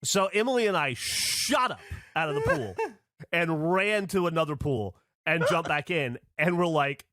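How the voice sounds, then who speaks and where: A man tells a story on a podcast with lively, swinging pitch and loose, filler-packed delivery. He sounds close and dry on a studio mic. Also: normal speed, no room sound. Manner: animated storytelling, lots of fillers. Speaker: podcast host. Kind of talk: casual chat.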